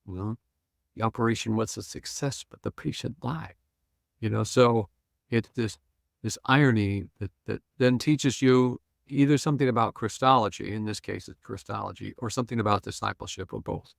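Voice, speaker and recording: An older man, a pastor and Bible scholar, retelling a story with lively acted-out lines and chuckles in a podcast conversation. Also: lowish voice, moderate pace, gravelly, no room sound, studio quality. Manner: retells scenes acting out quoted lines, chuckling.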